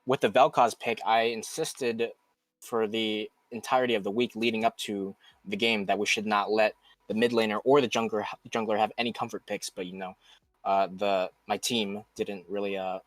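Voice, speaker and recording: A man's voice: on the low side, flat delivery, moderate pace, no room sound. A man, a team player, giving a frank, rambling post-game interview over a voice call.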